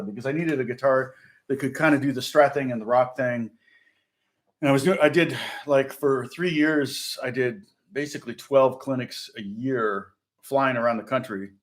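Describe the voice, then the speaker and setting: A middle-aged man from Indiana, a guitar teacher rambling through a casual lesson chat, chuckling and restarting often. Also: medium pitch. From Indiana, USA.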